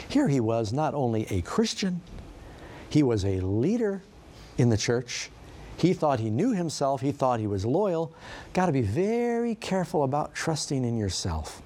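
A middle-aged male pastor preaching a sermon in a conversational, storytelling way, often asking his listeners questions. His voice is mellow and dark at a medium pitch. A faint hiss sits behind it. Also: sing-song, normal speed.

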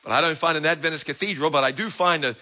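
A man's voice: fairly high pitch, quick pace, pushed and bright, dull audio, pitched above the performer's own voice. A man voicing a helpful female telephone operator who answers in a matter-of-fact way.

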